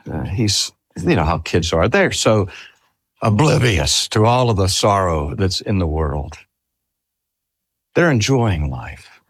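Older man preaching with lively pitch. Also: dry recording, clean studio sound. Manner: slow, measured delivery with lively rises and falls. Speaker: pastor. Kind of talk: sermon.

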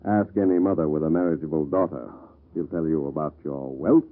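An actor playing a bitter, self-doubting husband in an old-time radio drama, speaking in a rueful, sardonic way. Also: male voice, a bass voice, fairly quick. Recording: lo-fi vintage radio recording.

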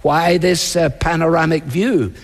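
A male pastor delivering a sermon in a measured preaching manner, slowing down to act out quoted voices. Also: a little high, big-room sound.

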